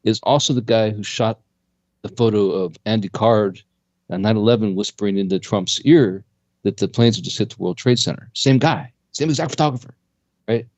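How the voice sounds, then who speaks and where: A man co-hosting a talk radio show in a loose, conversational way. His voice sits fairly low but leaps upward whenever he drives a point home. The sound is dry and slightly dull. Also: moderate pace, dry recording. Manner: animated, jumps pitch when making a point. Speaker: co-host. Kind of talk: casual conspiracy talk radio chat.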